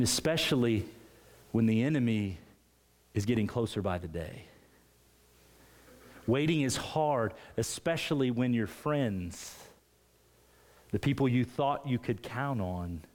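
A man preaching a sermon, retelling a scripture story with animated emphasis. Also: on the low side.

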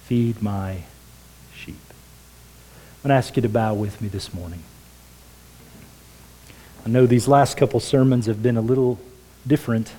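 A man preaching a sermon as pastor in a church, earnest, dropping to a hush for quoted words. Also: mid-range voice, normal speed, pauses often, poor audio. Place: church sanctuary.

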